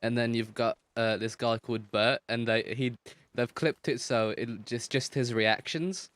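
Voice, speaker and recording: A man's voice: medium pitch, fairly even intonation, measured pace, fairly bright tone, no room sound, faint music behind. A man in casual chat with a friend who is streaming a game; he jokes around and laughs often.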